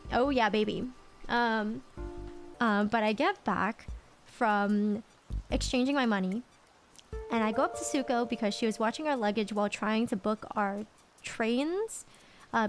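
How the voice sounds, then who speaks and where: A woman streamer telling a story in a casual, animated, dramatic way, swearing a lot. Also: on the high side.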